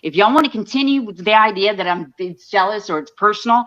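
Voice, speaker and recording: A woman's voice: medium pitch, lively intonation, fairly quick, hardly any pauses, pushed and bright, muffled recording. A woman hosting a livestream, ranting angrily with lots of swearing and broken restarts. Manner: angry, profane, talks in bursts with restarts. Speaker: livestream host. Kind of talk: heated livestream rant.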